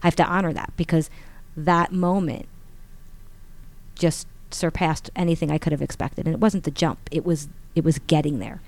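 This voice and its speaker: A woman in her forties telling a personal story in a casual interview, animated and acting out the voices of others. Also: normal speed. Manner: animated, acts out quotes with rising pitch. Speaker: guest.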